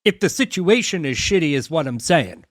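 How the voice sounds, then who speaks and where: A man's voice: fairly high pitch, expressive, moderate pace, no echo, clean studio sound. A man co-hosting a podcast, chatting casually about a sitcom with jokey asides. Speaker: podcast co-host. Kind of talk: casual chat recapping a sitcom.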